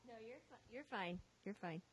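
A woman interviewer giving quiet, brief replies, recorded faintly from far off the mic. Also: mid-range voice, animated, moderate pace, slightly rough.

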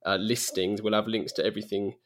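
A man's voice: fairly low pitch, level tone, quick pace. Upbeat male podcast host. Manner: upbeat and friendly, reads the show outro. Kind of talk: podcast interview.

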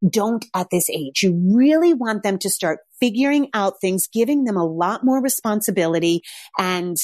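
This middle-aged woman, a parenting coach, chats her way through stories in a casual monologue, saying "like" a lot. Her mid-range, darkish voice is animated at a moderate pace, and the clean studio recording has no room sound.

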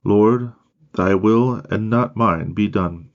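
A man reading the words of a humble, pious dying nun in a slow, hushed, prayerful way. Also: on the low side, highs cut off.

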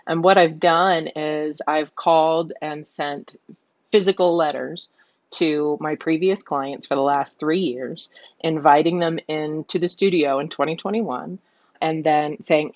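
A woman with a low voice joins a podcast as a guest, explaining her approach plainly and practically. The sound is somewhat dull and dry. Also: fairly even intonation, measured pace, darkish tone, dry recording. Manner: matter-of-fact, practical. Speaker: guest photographer. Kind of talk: casual advice chat.

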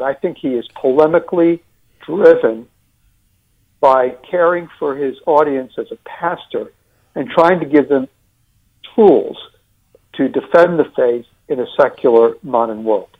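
A man with a New York accent, discussing and critiquing a sermon series in a deliberate way with many fillers and restarts. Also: mid-range voice, phone-quality sound.

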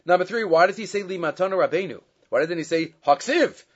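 A man teaching a Torah lesson, reading Hebrew and Aramaic texts and translating them, with many fillers and lively stretches when he retells a story. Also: high voice, quick pace, slightly rough. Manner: grows loud and animated when retelling the story. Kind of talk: Torah class lecture. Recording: dull lo-fi sound.

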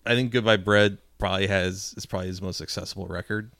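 Man, hoarse cracking voice, gravelly, bright edge, dry close mic, casual podcast banter. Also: low-pitched, steady tone, quick pace, no echo. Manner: swears a lot, riffs and restarts. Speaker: podcast co-host. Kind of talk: casual comedy podcast chat.

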